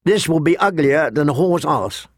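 A man's voice: fairly high pitch, lively intonation, moderate pace, no echo, clean studio sound. A man voicing a small, cheerful boy squire in an audiobook. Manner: light, cheerful. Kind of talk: audiobook character voice.

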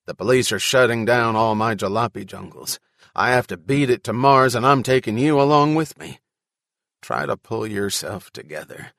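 A man voicing an energetic elderly man who talks loudly and in a hurry. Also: medium pitch, no room sound, studio quality. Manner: loud, urgent, hurried.

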